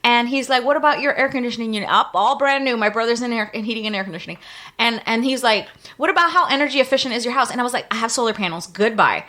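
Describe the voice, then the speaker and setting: A woman co-hosting a podcast, telling a story in casual chat and acting out both sides of it with animated voices. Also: a little high, rapid-fire. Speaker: podcast co-host.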